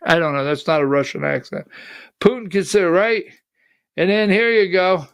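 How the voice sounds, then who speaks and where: A man's voice: high voice, moderate pace, smooth, no echo, clean studio sound. A male political talk show host giving combative, emphatic livestreamed commentary full of rhetorical questions.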